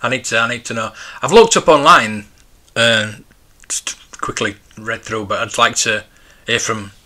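Unhurried, with a mid-range voice that sounds pushed and bright, a forty-something man from the United Kingdom chats on his casual live stream. He goes through viewer comments, reminiscing as he rambles.

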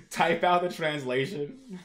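Young male streamer, casual slangy reader, a bit high-voiced. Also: slow pace, a bit bright. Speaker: streamer reacting to a comic. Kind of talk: live reaction reading.

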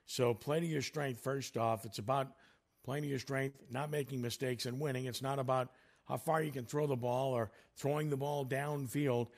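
A man's voice: mid-range voice, fairly even intonation, moderate pace. A male sports radio host leads an interview in an easy, conversational voice. He asks the questions and keeps the talk moving.

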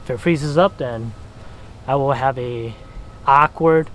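A man vlogging while fishing outdoors, chatty and excitable, talking straight to his viewers. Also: medium pitch, slow pace. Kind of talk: casual outdoor vlog. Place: outdoors by the water at night in wind. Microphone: camera mic covered against wind. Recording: outdoor mic with loud wind noise.

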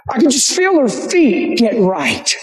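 An excitable male preacher tells stories to a live crowd, jumping into the voices of the people he describes and laughing along the way. His voice sits high for a man, and the recording rings with the echo of a large hall. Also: measured pace. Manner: excitable, acts out quoted people, laughs often. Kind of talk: animated sermon storytelling. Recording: roomy live venue recording.

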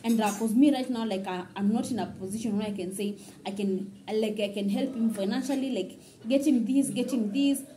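A woman vlogger from Kenya telling a story in a casual, very fast, run-on way. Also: on the high side, warm tone, rough recording.

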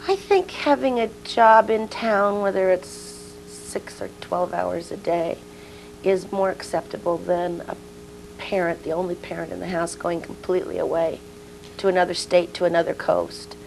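Gravelly lady in her sixties chatting in an interview, tells stories and does all the voices, bit of hum behind. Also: on the low side, moderate pace, darkish tone, low-quality recording. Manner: storytelling, acts out quoted dialogue. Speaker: interview guest. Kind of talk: casual interview chat.

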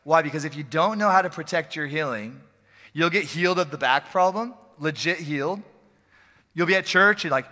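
A male pastor preaching an energetic, joking, conversational sermon in a church service, often repeating phrases for emphasis. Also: fairly high pitch, moderate pace. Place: church sanctuary during a service. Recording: long hall reverb from a church.

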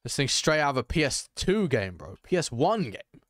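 A young man chatting excitedly to his viewers as he streams a game, reacting loudly and calling out to chat. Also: mid-range voice, normal speed, no echo, clean studio sound. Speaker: gaming streamer. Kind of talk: live gameplay commentary.

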